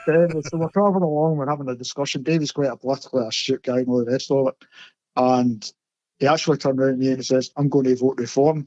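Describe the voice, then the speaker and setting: A man's voice: mid-range voice, steady tone, very fast, a little mellow, no room sound. A Scottish man, a podcast correspondent, chatting bluntly and telling stories in a casual talk. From Scotland. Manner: blunt, storytelling. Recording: dull lo-fi line.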